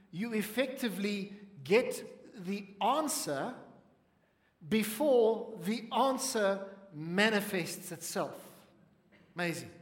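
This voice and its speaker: A man preaching a sermon as pastor, emphatic, having the congregation repeat key phrases after him. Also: high-pitched. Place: church hall. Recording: echoey church hall with long reverb.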